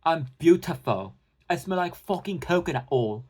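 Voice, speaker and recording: Give me a man doing a boastful woman, loud and preening. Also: fairly high pitch, expressive, moderate pace, breathy edge. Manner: bragging, loud and showy. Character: boastful self-proclaimed educated woman reactor.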